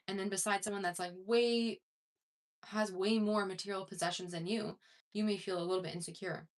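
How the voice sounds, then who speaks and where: A woman's voice: medium pitch, fairly even intonation, brisk. A woman self-improvement coach talking casually to her viewers, conversational and rambling, with many fillers and restarts. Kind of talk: casual talk to camera.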